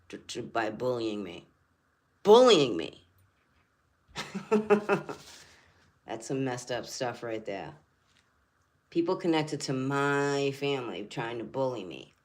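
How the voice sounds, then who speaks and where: An older woman hosting a spiritual channel who talks earnestly in a rambling way and repeats her phrases. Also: deep voice. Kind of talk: casual livestream talk.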